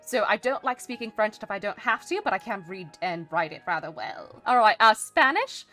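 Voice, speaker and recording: A woman's voice: mid-range voice, animated, normal speed, few pauses, sharp tone, faint music behind. A woman streaming in character, chatting casually in a rambling, hesitant way with lots of fillers and restarts, and a dry, playfully smug humor. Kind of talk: casual live-stream chat.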